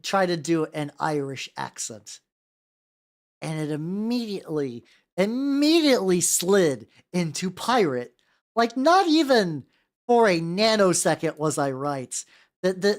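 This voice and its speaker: A young woman streams while painting miniatures and talks in a loose, rambling way, full of swearing and stammered restarts. Her voice sits on the low side but swings widely in pitch as she chats. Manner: rambling, profane, self-interrupting with stammered restarts. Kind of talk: casual livestream chat.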